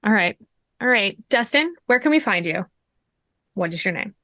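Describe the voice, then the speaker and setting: A woman's voice: medium pitch, animated, normal speed, sharp tone, dry recording, studio quality. A woman hosting as game master of a streamed tabletop game, chatting in a bubbly way and laughing often. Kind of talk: casual chat at the end of a streamed tabletop game.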